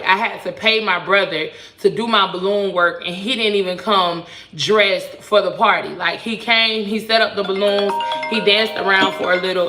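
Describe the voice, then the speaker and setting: Woman in her 30s talking to the camera while cooking, bright voice, kitchen echo all around, keeps it real. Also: mid-range voice. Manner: candid, talks straight to viewers, casual slang. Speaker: vlogger. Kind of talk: casual storytime chat while cooking. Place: home kitchen. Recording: echoey kitchen.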